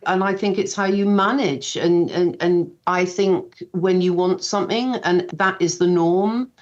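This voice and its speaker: An older woman, appearing as a guest author on a casual radio interview, chats in a self-deprecating way and acts out quoted dialogue while telling stories. Her voice is fairly low and unhurried, with the highs cut off.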